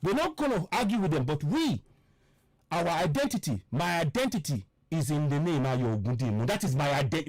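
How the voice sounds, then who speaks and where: A man speaks in a fervent, preachy monologue on politics, circling back to repeat his points and pressing the listener with rhetorical questions. His fairly high voice swings widely in pitch. The sound is close and dry, with no room around it. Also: dry recording. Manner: repeats himself for emphasis. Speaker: political commentator.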